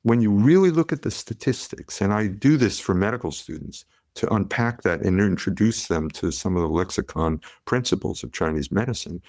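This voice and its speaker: Low gravelly male storyteller. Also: normal speed, few pauses, dry recording, studio quality. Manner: animated storyteller, acts out quotes. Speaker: podcast guest, pediatrician. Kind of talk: conversational storytelling.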